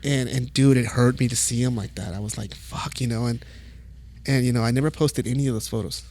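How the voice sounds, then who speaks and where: A middle-aged man from El Paso, a music photographer, telling stories as a podcast guest in a casual, profane, animated way. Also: mid-range voice, brisk. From El Paso, Texas. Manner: profane, animated storytelling with acted quotes. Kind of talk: casual storytelling.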